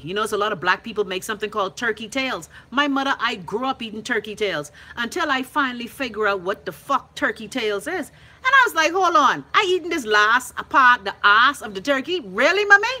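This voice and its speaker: Brash Bahamian woman, bright voice. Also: a little high. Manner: brash, profane and teasing, calls out viewers by name. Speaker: host of a live call-in show. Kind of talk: loud casual livestream chat reading viewer comments.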